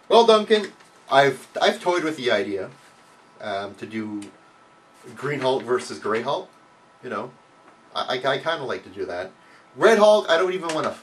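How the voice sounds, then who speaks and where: A man hosting his own vlog, answering viewer questions in a casual, heavily profane rant that bursts into loud, mocking outcries. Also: big pitch swings, normal speed, pauses often, distant mic. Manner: swears a lot, mocks with loud high outbursts.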